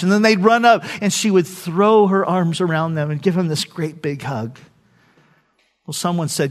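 Older male pastor, high-pitched voice, sermon delivery, storytelling, loud to hushed. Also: normal speed. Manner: storytelling, swings from loud preaching to soft near-whispers.

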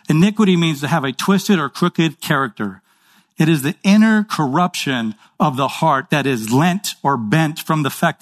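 A man preaching a sermon in a conversational way, checking in with his listeners and acting out short dialogues. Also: medium pitch. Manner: acts out little dialogues in quick voices. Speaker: pastor.

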